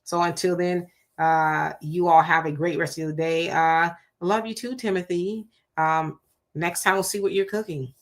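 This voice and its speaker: Speaking at a normal speed in a lowish voice, a Southern California woman hosts an easygoing live stream. She voices viewer comments aloud and answers them with spirited, sassy reactions.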